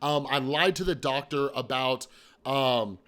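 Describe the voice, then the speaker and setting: A man's voice: mid-range voice, a little slow, a bit bright. Blunt, profane man telling his story. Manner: blunt, profane, emphatic, rhetorical asides. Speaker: mental health vlogger. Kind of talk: candid personal storytelling.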